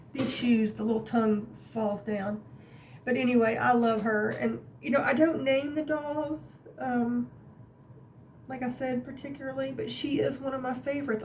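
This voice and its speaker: A woman vlogger telling a personal story in a chatty, animated way, with many fillers and some laughter, from her craft room at home. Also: fairly high pitch, slight background noise. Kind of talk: casual storytelling to camera.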